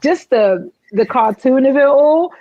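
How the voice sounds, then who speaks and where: Brief: British woman guest, animated storyteller, dry muffled recording. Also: high voice, a little slow, dry recording. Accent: British English with some American. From England. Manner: animated storyteller who acts out quotes. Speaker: guest, singer and voice actress. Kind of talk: casual interview chat.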